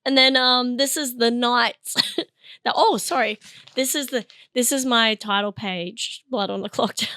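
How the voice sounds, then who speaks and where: A woman comedian talking casually to camera in a review vlog, hoarse from a partly lost voice, rambling and self-deprecating and laughing often. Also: a little high, measured pace, bright, forceful tone, no echo, clean studio sound.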